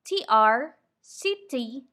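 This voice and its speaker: A woman teaching English pronunciation in a slow, clear lesson. She is patient, often checks in with "okay?" and drills words slowly and deliberately. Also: fairly high pitch, expressive, bright, forceful tone.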